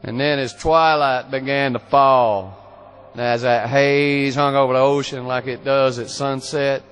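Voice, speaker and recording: Slow, swearing, folksy male storyteller. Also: mid-range voice, steady tone, a bit bright, soft background music. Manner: swearing, drawling, colloquial. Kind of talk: profane folksy tall-tale storytelling.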